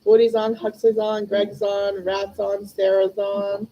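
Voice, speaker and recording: A man's voice: monotone, unhurried, warm tone. A man reading out viewer comments in a plain, relaying voice. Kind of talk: reading chat messages aloud. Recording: dull lo-fi audio with faint rumble.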